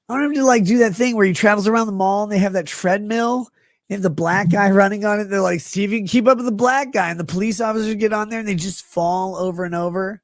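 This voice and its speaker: A man in his thirties, a live streamer on a rambling, crude comedic rant that swings between mumbling and shouting. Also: high voice, quick pace, no echo, studio quality.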